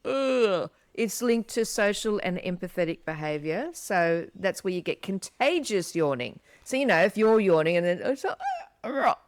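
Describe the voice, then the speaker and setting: A woman co-hosting a podcast in casual chat, animated and acting out yawns as she explains. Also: lowish voice, normal speed, hardly any pauses, clear, resonant tone, dry recording. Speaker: podcast co-host.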